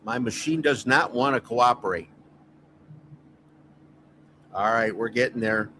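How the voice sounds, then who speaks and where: A man's voice: mid-range voice, measured pace, fairly bright tone. A man hosts a livestreamed telethon over a video call, casual and chatty. He stands outdoors on a street with faint noise behind him. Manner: informal, apologetic, chatty. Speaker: host. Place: outdoors on a noisy street with power line work.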